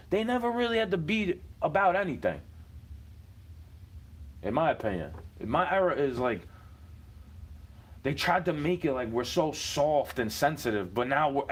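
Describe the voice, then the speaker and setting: A man's voice: a little high, husky. A man, rambling in a profane casual monologue full of street slang.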